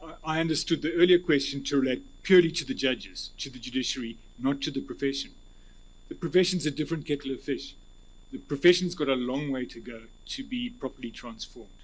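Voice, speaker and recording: A South African man, an advocate, giving measured, formal answers at an interview panel, restarting phrases as he thinks. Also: mid-range voice. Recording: husky, poor-quality hearing recording.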